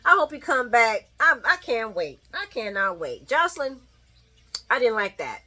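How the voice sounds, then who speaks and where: A woman casually recapping a soap opera episode, laughing often and acting out the characters' lines in quick little voices. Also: a little high. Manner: animated and giggly, acts out characters' lines. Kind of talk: casual chat.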